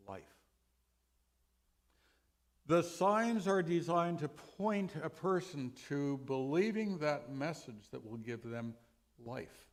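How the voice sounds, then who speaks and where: A man teaching a sermon session in a church, deliberate, with emphatic rises and quiet drops. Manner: slow, deliberate, dynamic rises and drops in pitch and loudness. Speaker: guest Bible teacher.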